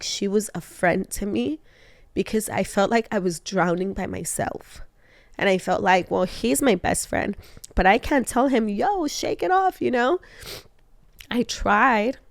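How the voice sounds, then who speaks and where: A young woman with a gravelly, creaky edge to her voice tells a heartfelt story straight to her husband. She is animated and laughs often, acting out the lines she quotes. The sound is close and dry, with no room behind her. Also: mid-range voice, unhurried, dry recording. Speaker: co-host of a couple's talk show.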